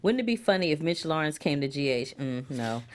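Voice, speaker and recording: Low-voiced woman co-hosting a chat show. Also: a little fast. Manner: animated, expressive reactions. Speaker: co-host. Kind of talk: casual chat.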